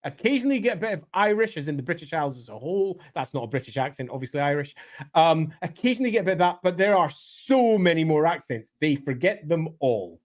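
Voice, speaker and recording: A man talking emphatically in a casual podcast discussion, his pitch swinging up and down as he makes his points. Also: very animated, fast talker. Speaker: co-host of a lore podcast.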